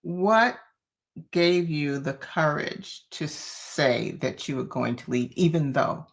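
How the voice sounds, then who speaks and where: A woman hosting an interview, soft and encouraging, often murmuring along as she listens. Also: low-pitched, takes it slowly. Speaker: host.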